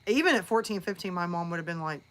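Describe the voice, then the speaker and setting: A woman's voice: lowish voice, expressive, quick pace. A woman who narrates horror, chatting casually on a live stream and telling a story in a rambling way.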